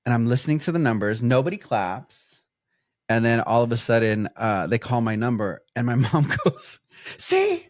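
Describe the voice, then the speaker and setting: Chatty podcast co-host who laughs a lot. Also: male voice, mid-range voice, a little fast, darkish tone, dry recording, studio quality. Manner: laughs often while telling stories. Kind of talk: casual chat.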